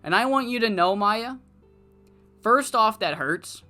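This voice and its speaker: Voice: mid-range voice, animated, measured pace, pushed and bright, faint music behind. The narrator voicing a female wrestler who firmly defends herself to her tag partner. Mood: defensive. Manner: firm, lecturing. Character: stern, defensive woman wrestler.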